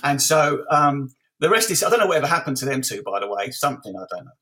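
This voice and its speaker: A man in his fifties telling a lively anecdote as a guest over a video call, often repeating words. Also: mid-range voice, fast talker. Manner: lively, repeats words, acts out voices in stories. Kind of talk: animated anecdotal storytelling.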